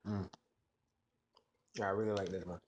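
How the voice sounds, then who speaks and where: Brief: male food vlogger, lowish voice, relaxed, exclamation-heavy tasting talk. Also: moderate pace, a little hiss or hum. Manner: relaxed, filler-heavy reactions with frequent exclamations. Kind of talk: casual taste-test vlog.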